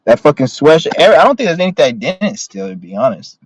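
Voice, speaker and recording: Speaking fast from his car, this young male vlogger has a fairly high, creaky, husky voice with big swings in pitch. He rambles, curses, and tells stories in a blunt, agitated way, and the audio quality is low.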